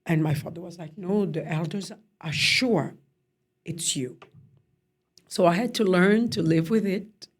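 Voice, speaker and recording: Speaking a little slowly in a fairly low pitch, this interview guest shares a personal story conversationally. She's animated throughout, performing the voices of anyone she quotes.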